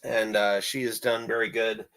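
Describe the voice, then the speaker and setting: Gravelly-voiced man rambling in a vlog. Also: on the low side, flat delivery, normal speed, fairly bright tone, rough recording. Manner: rambling, repeats himself, many fillers. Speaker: amateur animator and writer. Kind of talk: casual vlog monologue.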